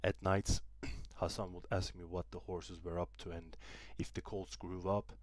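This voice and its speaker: Brief: young male student narrator, Turkish native, deep voice, dry close read. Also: little pitch movement, measured pace, no echo. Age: young adult. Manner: careful reading with small restarts. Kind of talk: audiobook narration.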